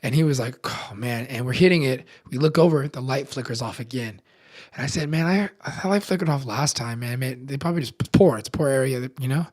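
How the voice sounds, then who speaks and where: A young man casually telling a personal story in slangy speech full of fillers, swinging between loud excitement and hushed tones. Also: medium pitch, fast. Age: young adult. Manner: animated, slangy, many fillers. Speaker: podcast contributor.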